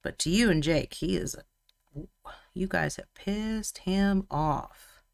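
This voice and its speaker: Lowish, gravelly woman, chatty and teasing, co-hosting a casual painting stream. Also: slow. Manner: chatty and teasing, often laughing. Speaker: co-host of a live mini painting stream. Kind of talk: casual chat while painting.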